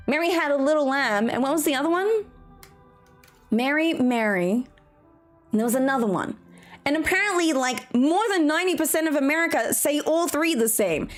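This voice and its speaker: A young Australian woman streaming a farming game, chatting casually with a giggly, rambling manner. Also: high-pitched. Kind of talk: casual chat while gaming.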